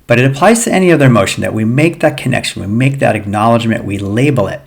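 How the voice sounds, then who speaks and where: This physical therapist speaks at a medium pitch with lively intonation, a quick pace and vocal fry. In a casual educational monologue to camera, he coaches viewers, whom he calls guys, on feeling emotions during pain recovery, sounding earnest and repetitive.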